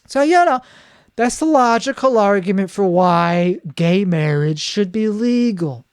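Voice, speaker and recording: Rambling deadpan male comedian. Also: high-pitched, a little slow, smooth, no echo, studio quality. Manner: rambling, deadpan, self-correcting. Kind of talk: solo comedy monologue.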